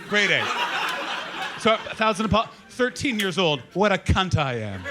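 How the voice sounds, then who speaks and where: A stand-up comic with a high, lively voice riffs brashly on the audience, peppering his teasing with profanity. He is recorded live on a club stage through a handheld mic, with the room's laughter audible behind him. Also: normal speed, background noise. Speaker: stand-up comedian. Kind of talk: stand-up crowd work.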